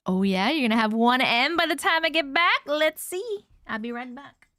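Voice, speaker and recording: Bright high-voiced woman chatting to her livestream. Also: animated, moderate pace, dry recording, studio quality. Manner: chatty, swears casually, reads chat aloud. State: strained, fading voice. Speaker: livestream host reading viewer stories. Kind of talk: casual livestream chat.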